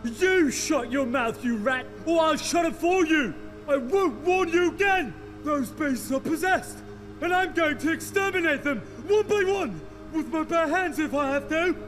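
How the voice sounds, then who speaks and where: An actor playing a brutal, hateful patrol guard who bullies and threatens in a video game, with game music behind. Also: male voice, very high-pitched, expressive, unhurried, heavily acted. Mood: furious. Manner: bullying, threatening, shouting.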